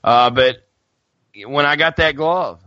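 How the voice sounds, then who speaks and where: A man co-hosting a podcast, telling stories in a casual, animated chat. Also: fairly high pitch, slow pace, no room sound, highs cut off. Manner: animated storyteller, laughs often. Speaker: podcast co-host.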